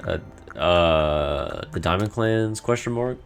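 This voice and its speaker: A man giving jokey, casual commentary on a video game and reacting loudly. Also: on the low side, very animated, normal speed, soft background music. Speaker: let's play host.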